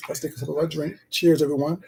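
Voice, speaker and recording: A man's voice: fairly high pitch, little pitch movement, quick pace, gravelly, darkish tone. A man hosting a casual eating livestream, chatting with viewers, calling them baby and sweetheart, and humming while he eats. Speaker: food vlogger on a live stream.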